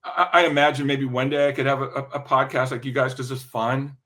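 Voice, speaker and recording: An older man talking as a podcast guest, telling long anecdotes with lots of restarts and the odd throat clear. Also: mid-range voice, level tone, fairly quick, pushed and bright. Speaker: podcast guest, music industry veteran. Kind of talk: casual interview storytelling.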